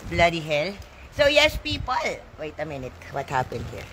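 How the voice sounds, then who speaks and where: A woman's voice: low voice, sing-song, normal speed, background noise. A woman vlogging outdoors in the rain, talking to herself, grumbling and swearing now and then. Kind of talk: casual vlog outdoors.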